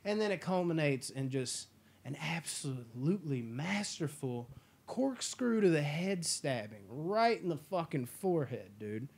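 A man hosting a casual movie review chat, enthusiastic and profane, acting out scenes in quick impressions. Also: a little high, very animated, creaky, husky. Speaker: podcast host.

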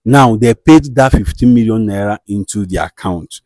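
A man with a Nigerian accent acting as a show host who calmly mediates a dispute and questions firmly. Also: fairly low pitch, normal speed, no room sound, lightly acted. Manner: soothing, repeats "calm down", firm questioning. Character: male show host, calm and commanding mediator. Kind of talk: comedy skit acting.

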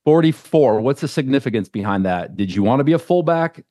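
A man hosting a talk show, asking his guest questions in a relaxed, casual way. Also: mid-range voice, brisk, no echo, studio quality. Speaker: show host. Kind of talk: casual interview.

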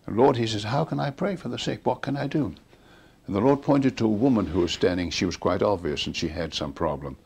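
Older male storyteller, low and husky, acts out quoted dialogue. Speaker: interviewee recounting a preacher's ministry. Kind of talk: storytelling interview.

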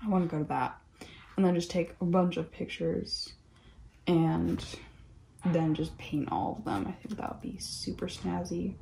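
A young woman talks through a relaxed craft vlog from home, rambling and filling her sentences with "like." Her voice is mellow and warm, and she bounces into the voices of the people in her stories. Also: lowish voice, a little slow, vocal fry, slight background noise. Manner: rambling, peppered with "like", animated retelling of quotes. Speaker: craft vlogger. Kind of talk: casual chatty storytime while crafting.

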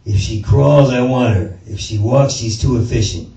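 Creaky yet mellow, a medium-pitched male voice at a moderate pace carries a rambling stand-up routine marked by stammers, swearing and jumps between thoughts. The comedian is in a small performance space facing an audience. The recording has a roomy feel, faint noise and a faraway mic.

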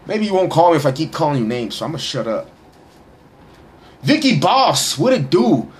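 Young man, casual shout-out chat, slangy and profane, animated pitch. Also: moderate pace. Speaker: vlogger reading social media shout-outs.

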